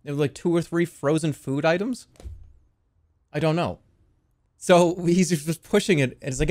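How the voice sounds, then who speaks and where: Animated, swearing young man telling a story. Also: fairly high pitch, normal speed, pauses often. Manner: animated, swears a lot, yells in the quoted bits. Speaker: streamer. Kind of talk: casual storytelling to a stream.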